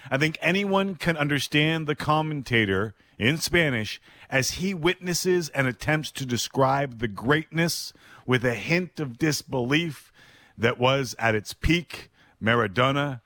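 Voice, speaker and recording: A man hosting a podcast, telling a story in a measured, reflective scripted narration with dramatic pauses. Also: mid-range voice, fairly bright tone, dry recording. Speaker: podcast host.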